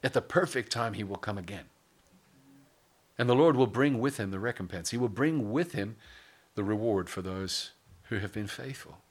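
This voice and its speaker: A man's voice: lowish voice, lively intonation, moderate pace. A male pastor preaching a sermon, mixing scripture with casual asides and humor.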